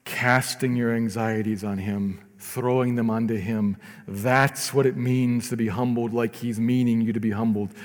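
A male pastor preaching a sermon in a conversational way, swinging between quiet asides and loud emphatic stretches. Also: medium pitch, steady tone, moderate pace, few pauses, big-room sound.

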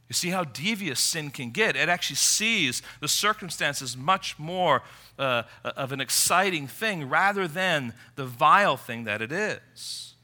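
A man preaching a sermon, emphatic, moving from quiet reflection to forceful appeals. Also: a little high, animated, moderate pace.

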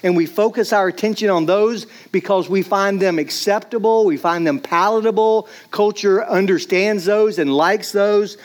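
High-voiced man preaching casually. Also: normal speed, hardly any pauses. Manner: casual, conversational, many "like"s, acts out voices. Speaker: pastor. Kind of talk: sermon.

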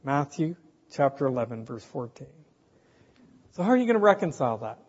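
A man preaching a sermon in a slow, emphatic way, asking the congregation rhetorical questions. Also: medium pitch, sing-song, darkish tone, breathy edge. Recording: dull, hall reverb, from a distance.

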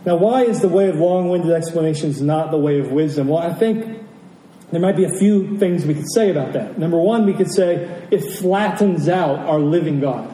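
Man, pastor, sermon, very dark mellow tone, somewhat high voice, emphatic, repeats phrases. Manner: emphatic, rhetorical questions, repeats key phrases. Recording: roomy, distant from the mic, faint ambience.

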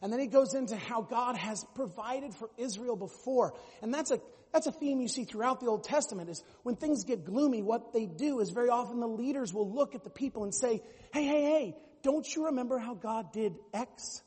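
A man preaching a sermon as pastor, animated and at times mimicking other voices. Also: very high-pitched, a little fast, slightly rough, big-room sound.

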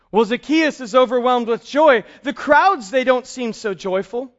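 A man preaching a sermon as a pastor, telling family stories in an animated way and slowing down to stress key points. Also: very high-pitched, lo-fi sound. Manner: storytelling, animated, slows for emphasis.

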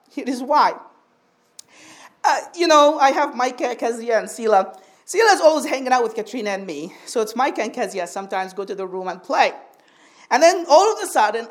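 A woman with a high, bright-pitched voice preaches a sermon to her congregation. She teaches patiently and keeps asking for an amen. She slows down and stretches out the phrases she wants to stress. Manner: draws out key phrases slowly for emphasis.

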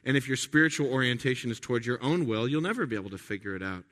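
Bright-voiced man preaching a sermon. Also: medium pitch, racing. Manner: conversational preaching with frequent restarts and rhetorical questions; swings from quiet asides to loud emphatic lines. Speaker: pastor.

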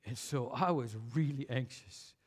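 A man's voice: mid-range voice, a little slow. A man preaching a sermon, telling a personal story and building to emphatic points. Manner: storytelling, rising to emphatic intensity. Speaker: pastor.

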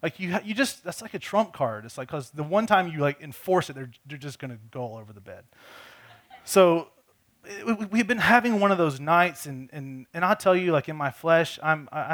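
A man's voice: fairly high pitch, moderate pace, fairly bright tone. A man preaching a conversational sermon, telling a personal story earnestly and often repeating words as he restarts his sentences. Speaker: pastor.

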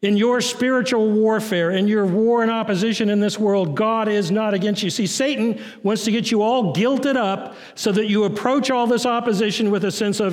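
A man preaching a sermon as pastor, swinging from raised, urgent lines to low, quiet ones. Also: normal speed, few pauses, in a large hall. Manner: preaching with rising and falling intensity, dropping low and soft on key lines.

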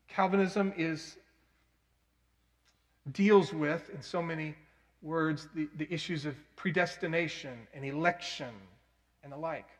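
A man preaching a sermon, telling stories earnestly and breaking into loud, emphatic bursts. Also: a little high, steady tone, a little slow, pauses often. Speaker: pastor. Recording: long hall reverb.

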